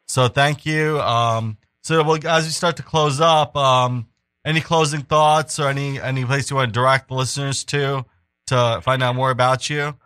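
A man hosts a community radio interview and reads station announcements. His voice is bright, and he talks in a relaxed, halting way with many ums and restarts. The sound is dry and close. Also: mid-range voice, smooth, no echo. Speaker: radio show host.

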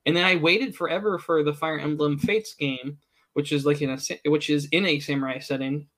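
A man's voice: on the high side, steady tone, fairly quick, a bit bright. A man co-hosting a casual gaming podcast, chatty and enthusiastic, rambling with frequent restarts. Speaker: podcast co-host.

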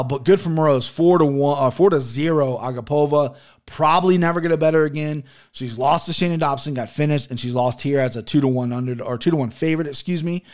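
A man with a somewhat high voice breaks down fight results in a loose, casual way. He is blunt and profane, and his thoughts ramble with frequent fillers. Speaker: MMA podcast host reviewing fights. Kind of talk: casual chat.

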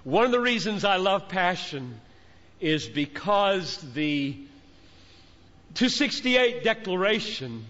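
A man's voice: sits high, pushed and bright. A middle-aged man preaching a fervent sermon from a stage, exhorting his listeners with emphatic repetition. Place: large conference hall. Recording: dull recording, long hall reverb.

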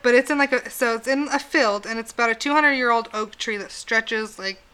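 A woman's voice: on the high side, fairly quick, pushed and bright, clean tone. A woman hosting a casual podcast, telling a spooky legend in a chatty way, swearing freely and laughing often. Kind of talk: casual chat.

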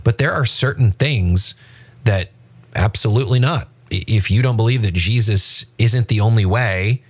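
On a casual faith podcast, a co-host speaks at normal speed in a husky, lowish voice. His delivery is loose and animated, with quoted voices acted out and many restarts and fillers.

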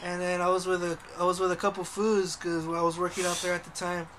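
Young man, high-pitched, swears a lot, laughs often, faint background hiss. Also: little pitch movement, fast, fairly bright tone. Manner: profane, joking, laughs often. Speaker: podcast co-host. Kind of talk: casual chat.

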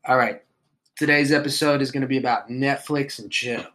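A man hosts a casual solo podcast in a bright, forceful voice at an everyday middle pitch. He rambles in a laid-back, joking way and swears freely. He has just woken up, sounds a little rough and coughs now and then. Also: steady tone, brisk, low-quality recording. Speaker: podcast host.

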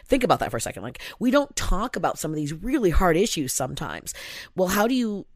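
A woman from the Pacific Northwest, talking as a podcast guest in animated run-on bursts full of "like.". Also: sits low, no room sound, clean studio sound. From Pacific Northwest, USA. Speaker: podcast guest, nonprofit founder. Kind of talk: casual podcast conversation.

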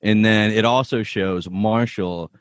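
A man's voice: on the low side, steady tone, takes it slowly, dry recording. A man co-hosting a podcast, casually retelling a sitcom episode scene by scene and acting out the characters' lines. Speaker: podcast co-host.

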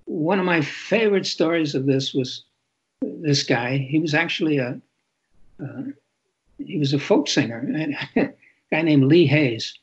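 An older man speaks in a husky voice pitched slightly high, answering an interviewer candidly. He pauses and repeats himself as he thinks aloud. The recording is muffled and lo-fi. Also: expressive. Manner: reflective, halting, repeats words. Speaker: author and interview guest.

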